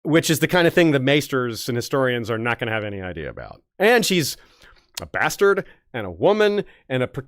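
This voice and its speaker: A man's voice: medium pitch, very animated, fairly quick, fairly bright tone, dry recording, clean studio sound. A man co-hosting a casual discussion show, rambling with restarts and frequent laughs. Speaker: podcast co-host.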